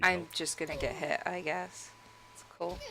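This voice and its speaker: A woman's voice: lowish voice, fairly even intonation, unhurried, noisy background. A woman gaming creator casually ranting and laughing over gameplay, rambling and swearing freely.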